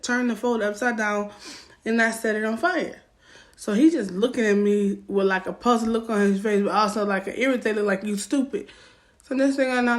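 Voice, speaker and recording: Young woman, Southern US accent, casual story-time vlog, loud and profane, higher pitched voice. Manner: animated, loud and profane, acting out quotes with rising heat. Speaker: vlogger telling a story time.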